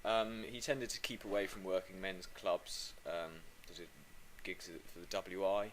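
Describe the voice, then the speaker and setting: Brief: deadpan male podcast guest, low voice, straight-faced absurd claims, faint background noise. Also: unhurried. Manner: deadpan, absurd tall tales told flatly. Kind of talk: comedy podcast banter.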